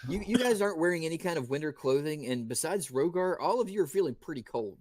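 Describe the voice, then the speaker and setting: Halting male dungeon master. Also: fairly high pitch, expressive, a little mellow, slight background noise. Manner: halting, many fillers while narrating. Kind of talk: narrating a tabletop game. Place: indoor stream room.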